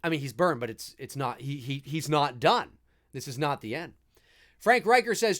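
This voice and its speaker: A man hosting a live movie commentary, talking in an animated, enthusiastic and rambling way. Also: fairly high pitch, normal speed. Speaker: host.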